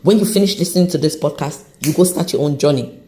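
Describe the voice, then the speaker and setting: A woman hosting an unscripted motivational podcast, talking off the cuff in an encouraging, animated way, with an accent she says shifts as she goes. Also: sits low, fast. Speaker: podcast host.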